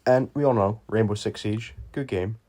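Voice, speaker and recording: A man's voice: fairly low pitch, moderate pace, dark tone. A young man telling a story time video in a casual, rambling way, full of fillers and swearing. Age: young adult. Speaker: YouTuber.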